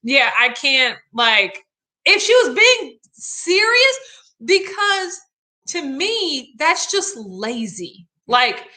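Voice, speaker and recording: A Southern American woman hosting a casual livestream. She reads out viewer comments and chats in an animated way, with many filler words. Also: high voice, drawn-out words. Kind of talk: casual live chat.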